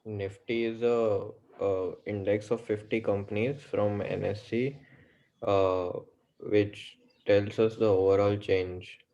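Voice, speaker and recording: A man answering a lecturer in class with halting, hesitant replies. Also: on the low side, little pitch movement, warm tone, dull audio. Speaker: student.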